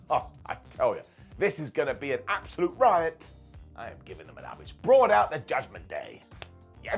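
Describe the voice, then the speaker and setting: A British man casually reviewing a wrestling show as its regular host, joking and putting on quick mock voices. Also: fairly high pitch, husky. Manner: animated, jokey, mock voices for quotes.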